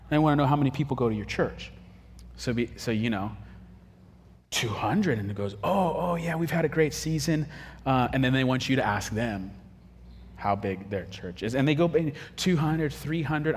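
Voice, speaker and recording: A man preaching a casual, humorous sermon, telling stories and acting out quick quoted voices. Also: medium pitch, big-room sound, slight background noise. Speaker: pastor.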